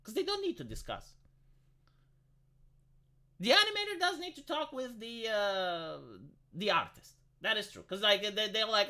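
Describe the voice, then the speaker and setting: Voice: mid-range voice, sing-song, normal speed, sharp tone. A live streamer ranting bluntly in casual chat, swearing often, cutting themselves off and repeating words. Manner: blunt, profane, rambling rant; self-interrupting, repeats words.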